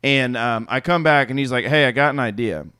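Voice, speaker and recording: A man's voice: medium pitch, fairly quick, clean tone, no echo, studio quality. A young man telling a rambling story on a podcast, swearing freely and acting out what people said. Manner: profane, animated anecdote-telling with quoted voices. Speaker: podcast co-host. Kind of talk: casual storytelling chat.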